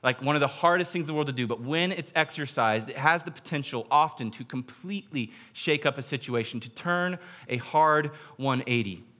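A man preaching a sermon, telling a story with a bright, forceful voice. He sinks to a hush when he voices what people said and slows down to land a point. His pitch sits in the middle for a man. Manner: drops quiet for quoted speech, slows for emphasis.

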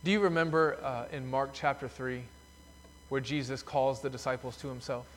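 A man's voice: mid-range voice, steady tone, normal speed, fairly bright tone, a little hiss or hum. A man preaching a sermon as pastor in a church sanctuary, telling the story emphatically. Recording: long reverb of a church hall.

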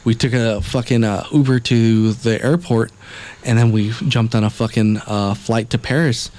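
A man's voice: mid-range voice, fairly even intonation, moderate pace, darkish tone. A man telling a long, rambling travel story in casual podcast chat, swearing heavily and acting out what people said. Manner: rambling, heavy swearing, acts out quotes.

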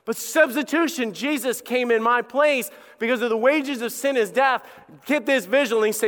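A man's voice: very high-pitched, moderate pace, a bit bright. A middle-aged male pastor preaching an impassioned sermon, acting out the voices of his listeners. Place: church auditorium. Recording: long reverb of a large hall.

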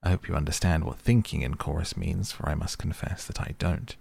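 A man reading a storybook aloud in a calm, even manner. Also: sits low, brisk, gravelly, husky, dry recording, clean studio sound. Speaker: narrator. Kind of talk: audiobook reading.

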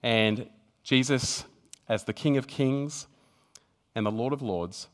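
Preaching slowly in a mid-range voice, this man is earnest and often restarts his sentences. He reads passages of scripture aloud within the sermon, building toward emphatic peaks.

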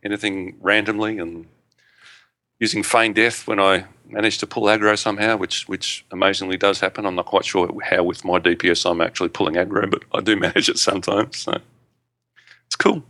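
Low, bright-voiced man chatting casually. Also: fairly even intonation, no room sound. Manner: rambling, halting, with frequent restarts and laughs. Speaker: podcast co-host. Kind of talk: casual chat.

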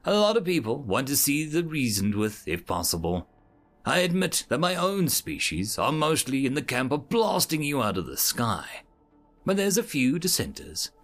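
A man voicing a calm, curious human male interrogator who speaks in a measured, polite way. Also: mid-range voice, soft background music, full character voice.

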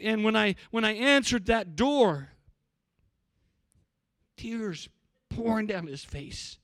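A high-pitched middle-aged man preaching a sermon from the pulpit. He mixes folksy, plainspoken storytelling with fervent calls to repentance. The sound is dry and close, with no room echo. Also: fairly bright tone. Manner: preaching with rising fervor, folksy storytelling asides. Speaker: pastor.

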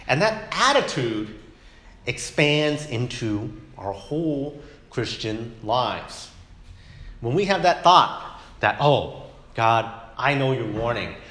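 A man's voice: mid-range voice, a bit bright. Man, Bible lesson, conversational, acts out speakers, echoey church room. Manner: conversational, keeps asking "right?", acts out imagined speakers. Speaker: Sunday school teacher.

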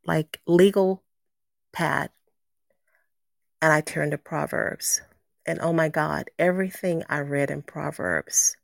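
A low-pitched woman around sixty tells her faith testimony with earnest, emotional conviction. She leans on repetition for emphasis and lets the story carry feeling. The sound is close and dry, with no room around it. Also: a bit bright, no echo. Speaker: guest sharing a faith testimony. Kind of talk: personal testimony.

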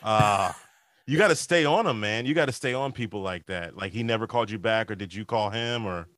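Male podcast host, stand-up comic, deep low voice, dry sound, loose rambling chat full of fillers. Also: brisk, fairly bright tone, no echo. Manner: rambling, self-correcting, filler-heavy.

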